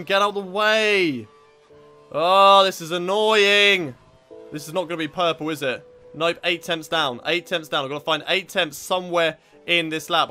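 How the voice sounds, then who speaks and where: A young British man commentating his own racing game run, frustrated and sweary, shouting at rival drivers. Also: on the high side. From Britain. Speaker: gaming YouTuber.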